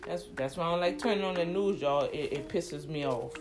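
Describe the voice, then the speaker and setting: A woman's voice: lowish voice, a little fast, music in the background. A woman in her fifties giving heated, indignant commentary straight to her viewers, often repeating words as she gets worked up. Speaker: vlogger.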